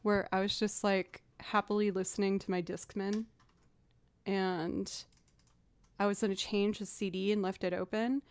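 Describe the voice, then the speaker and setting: A woman's voice: medium pitch, level tone, measured pace, smooth, no room sound. A woman streamer chatting casually on a livestream, telling stories with frequent laughs. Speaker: streamer and musician. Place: home streaming setup.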